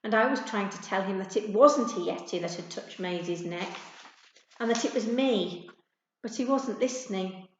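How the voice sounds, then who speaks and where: A woman reads a children's chapter book aloud in a gentle, expressive storytelling voice. Her voice bounces around a very echoey room. The sound is dull and muffled. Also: medium pitch, normal speed.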